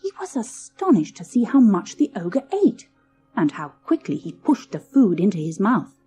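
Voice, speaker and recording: A woman narrating a children's storybook in an expressive, lilting storytelling manner. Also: medium pitch, moderate pace, husky, soft background music. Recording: old cassette audiobook.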